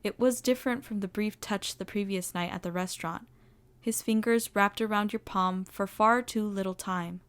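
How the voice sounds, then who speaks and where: A woman with a mid-range voice reads a story aloud in the second person. Her narration is expressive and animated. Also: medium pitch, moderate pace, clean tone. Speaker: story reader. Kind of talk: fan fiction audio narration.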